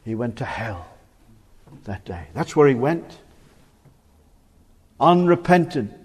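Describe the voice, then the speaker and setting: A man's voice: mid-range voice, very animated, slow, husky. Fervent preacher man in an echoing hall. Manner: fervent, emphatic preaching that drops to hushed, grave tones. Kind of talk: sermon. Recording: reverberant church hall.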